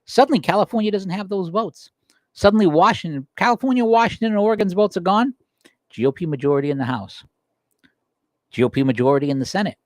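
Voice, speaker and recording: A man hosting a political livestream, delivering a heated, emphatic monologue that climbs in pitch as he gets worked up. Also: expressive, quick pace, no room sound, studio quality. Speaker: political talk show host. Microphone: livestream desk microphone.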